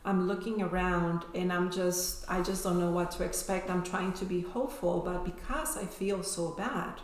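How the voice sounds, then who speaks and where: A woman's voice: on the low side, fairly even intonation, normal speed. A woman telling her personal story as an interview guest, emotional and often ending sentences with "right?". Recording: echoey room.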